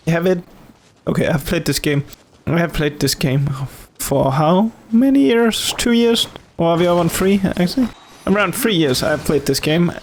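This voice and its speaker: A gaming host giving casual, rambling commentary over a playthrough, often correcting themself mid-sentence. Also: medium pitch.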